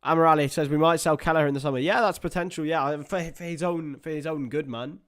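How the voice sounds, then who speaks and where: A young man gives live football commentary for a watchalong stream. He talks in a clear, smooth voice that sits a touch high. He mixes play-by-play with chatty asides to his viewers. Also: fast talker, a bit bright.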